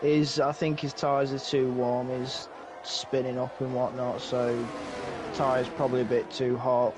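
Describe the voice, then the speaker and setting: A man giving color commentary on a sim racing league race, hedging and halting as he explains what he sees. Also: mid-range voice, little pitch movement. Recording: noisy game car engine sound behind. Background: racing game engine noise.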